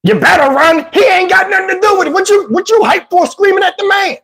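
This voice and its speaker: A man voicing his wife, yelling and scolding. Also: very high voice, fast talker, voice pushed up. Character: scolding wife, sharp-tongued woman.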